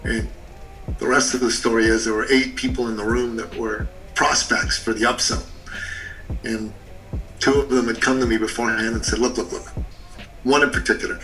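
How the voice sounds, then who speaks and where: A man on a podcast telling a personal story in short, punchy phrases, animated at times and hushed in the emotional parts. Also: medium pitch, a little fast, recorded from a distance, soft background music, rough recording. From Canada. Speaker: business coach and podcast guest.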